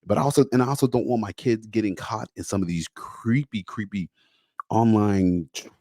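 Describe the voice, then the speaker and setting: A man hosting a podcast in a casual, animated monologue, slangy and acting out bits of dialogue. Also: fairly low pitch, normal speed, no echo, clean studio sound. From United States. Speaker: podcast host.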